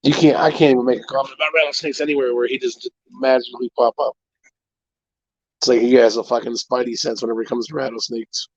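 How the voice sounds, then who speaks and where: A man's voice: mid-range voice, little pitch movement, quick pace, no echo, highs cut off. A man hosting a live stream, chatting casually and telling long stories full of "I'm like" asides. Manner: rambling storyteller, fillers like "I'm like". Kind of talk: casual chat.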